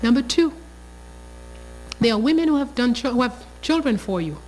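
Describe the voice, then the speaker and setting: A woman's voice: fairly high pitch, lively intonation, normal speed, a little mellow, a little hiss or hum, poor audio. A woman, telling a story with passion and emphasis. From Haiti. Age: 60s. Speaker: teacher. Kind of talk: storytelling interview.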